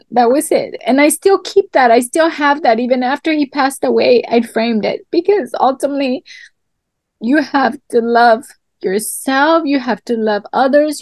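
A woman with a fairly high voice speaks in a heartfelt, reflective way in an interview. The recording is close and dry, with no room sound. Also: a little mellow, no room sound. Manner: reflective, talks through garden analogies, becomes tearful. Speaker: guest artist. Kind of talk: interview answer.

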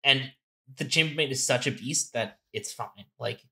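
A man's voice: mid-range voice, moderate pace, creaky, pushed and bright. A man co-hosting a casual game-strategy talk, explaining step by step and thinking aloud with restarts. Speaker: co-host.

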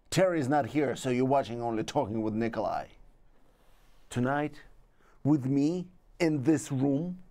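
Male comedic host, slow playful rambling delivery with animated pitch. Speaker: talk show host.

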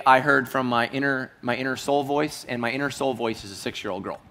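Male pastor, earnest storytelling sermon, mid-pitched voice that sinks to a hush, long church reverb. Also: steady tone, brisk, a little hiss or hum. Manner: earnest, dropping to a hushed voice for heavy moments.

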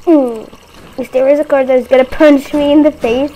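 A woman giving playful gameplay commentary, giggly and easily panicked, bursting into shrill cries of no. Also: normal speed, slight background noise, rough recording. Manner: excitable, breaks into high panicked shrieks of "no"; giggly and playful between outbursts. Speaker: gaming video host.

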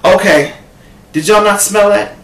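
A man vlogging a casual reaction-video rant from home, sassy, profane and animated, talking to his own camera. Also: sits high, unhurried. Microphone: camera set up in front of him. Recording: echoey room.

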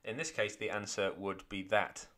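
Bright-voiced male teacher. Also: on the low side, steady tone, normal speed. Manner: clear, step-by-step explaining. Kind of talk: exam walkthrough lesson.

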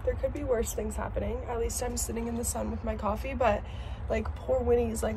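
A woman's voice: fairly high pitch, steady tone, fairly quick, vocal fry. A woman chatting casually to her phone camera while outdoors, peppering her talk with "like.". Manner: chatty, lots of "like" fillers. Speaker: vlogger. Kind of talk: casual vlog chat to camera. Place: outdoors, walking streets and yard. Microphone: phone camera held by hand. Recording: phone vlog with loud outdoor traffic noise.

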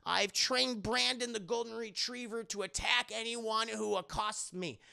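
A man's voice: sits high, fairly even intonation, unhurried, creaky, bright, forceful tone, clean tone, voice pushed up, exaggerated voice. Man putting on a sassy streetwise little girl. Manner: sassy, brash and crude. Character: streetwise abandoned 8-year-old girl, bold and cheeky.

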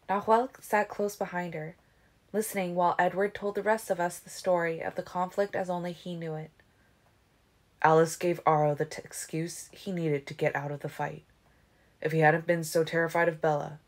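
A woman reading a novel aloud as an audiobook in a steady, even way. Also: on the low side. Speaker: audiobook reader. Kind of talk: audiobook narration.

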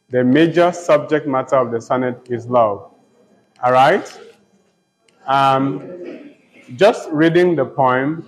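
Male poetry teacher, slow and repetitive lecture delivery, mid pitch. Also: poor audio. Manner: slow, repetitive, checks in with "okay?". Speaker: literature teacher. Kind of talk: classroom lecture.

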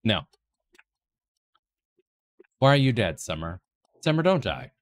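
A man on a livestream doing a goofy impersonation of another streamer, rambling and playful, swinging from silly squeals to deadpan mumbles. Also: fairly low pitch, slow, no room sound. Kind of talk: comedic stream chat impersonating a woman streamer.

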